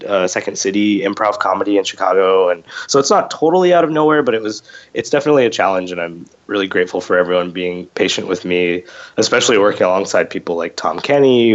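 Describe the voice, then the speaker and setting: A man's voice: sits low, lo-fi sound. A man being interviewed as a voice actor guest, chatting casually with lots of fillers and restarts, a little under the weather with a cold. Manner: chatty, self-deprecating, many fillers and restarts.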